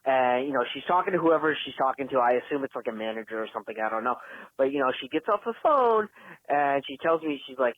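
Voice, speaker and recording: A man's voice: medium pitch, lively intonation, fast, dry recording. A man leaving a rambling, frustrated voicemail rant as a caller. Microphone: phone. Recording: phone line voicemail.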